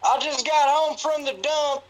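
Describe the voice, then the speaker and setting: A man's voice: very high-pitched, measured pace, low-quality recording. A male caller speaking in an earnest, folksy way, full of praise. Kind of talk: call-in phone chat.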